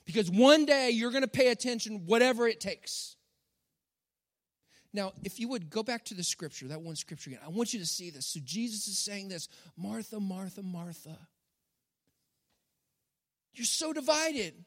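High-voiced male pastor in a reverberant hall. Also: a little fast. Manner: animated, dramatic storytelling with emphatic repetition. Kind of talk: sermon.

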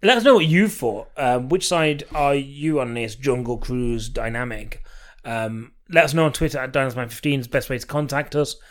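Male podcast co-host, mid-range voice, relaxed, laughs a lot, loose filler-heavy chat. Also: mid-range voice. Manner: easygoing and quick to laugh, many "um"s. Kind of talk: casual film-review chat.

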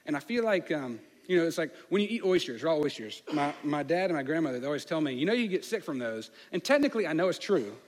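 Fast-talking man in a reverberant hall. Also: a little high, sing-song, a little hiss or hum. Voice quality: slight lisp on some words. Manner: candid, storytelling with many fillers. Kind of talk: personal story in a sermon.

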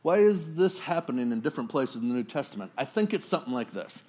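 A man preaching a casual sermon, talking it through conversationally and acting out quotes in a lively way. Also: fast. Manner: conversational, acts out quotes with sudden high jumps and laughs. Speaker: pastor.

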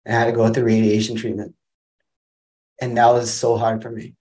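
A man's voice: mid-range voice, level tone, fairly quick, darkish tone. A young man from Wisconsin, a podcast guest, tells a personal story in a casual, rambling way, full of restarts. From Wisconsin, USA.

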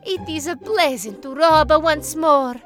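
A woman's voice: high-pitched, unhurried, a bit bright, faint music behind, pitched above the performer's own voice. A woman voicing a cheerful, eager male bandit who talks in a grand, formal way in a storybook reading. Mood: grandiose.

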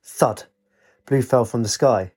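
A man narrating a storybook in a steady, expressive reading voice. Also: mid-range voice, takes it slowly, slightly rough.

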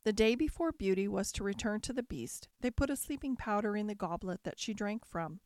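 Woman reading a bedtime fairy tale, calm and steady, mid pitch, dry sound. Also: brisk, no room sound. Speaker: storyteller. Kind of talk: bedtime story narration.

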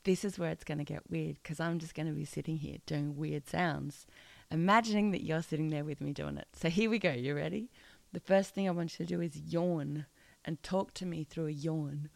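A woman's voice: sits low, vocal fry, darkish tone, dry recording. A playful, encouraging woman teaching a singing lesson and demonstrating odd vocal sounds.

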